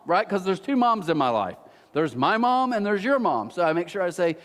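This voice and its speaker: A man, a pastor, delivering a sermon with animated storytelling and self-mocking humor. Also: sits high, fairly quick, long reverb tail. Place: church auditorium.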